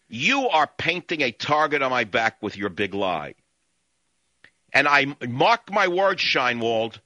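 A man's voice: mid-range voice, lively intonation, moderate pace, bright, forceful tone, no echo, dull audio. A man hosting a radio talk show, ranting angrily and hurling insults in a repetitive tirade.

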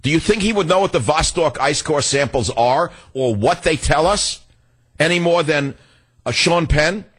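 A man hosting a talk radio show, delivering an indignant, combative monologue with sudden leaps in pitch. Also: fairly bright tone, husky.

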